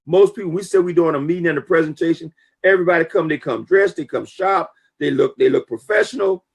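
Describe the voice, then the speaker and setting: Gravelly, husky man giving emphatic business advice. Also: fairly high pitch, fast. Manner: emphatic, preachy, lively storytelling. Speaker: network marketing talk show guest. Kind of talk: casual motivational talk.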